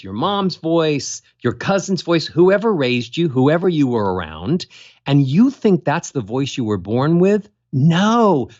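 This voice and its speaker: A man's voice: medium pitch, lo-fi sound. A man speaking as a voice coach guest in an interview, demonstrating voices and melodies as he explains. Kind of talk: animated interview talk.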